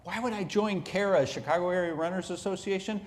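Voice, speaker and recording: A middle-aged man giving a motivational keynote, telling his story with dramatic swings from hushed to loud. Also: sits high, brisk. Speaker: keynote speaker. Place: large conference hall. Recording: echoey hall.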